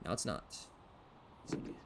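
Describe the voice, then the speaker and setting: A young man streaming a game, muttering to himself, swearing casually and jumping into squeaky outbursts. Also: normal speed. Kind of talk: casual gameplay commentary. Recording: steady background hiss.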